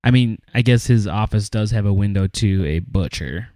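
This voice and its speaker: A man's voice: fairly low pitch, moderate pace, warm tone, no room sound, studio quality. A man co-hosting a podcast, laid-back and wry while laying out theories. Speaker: podcast co-host. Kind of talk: casual podcast chat.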